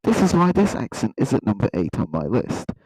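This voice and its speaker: A man giving a mock-earnest, rambling satirical countdown in a deadpan way. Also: lowish voice, a little fast, slightly rough, dry recording, poor audio. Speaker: comedy YouTuber.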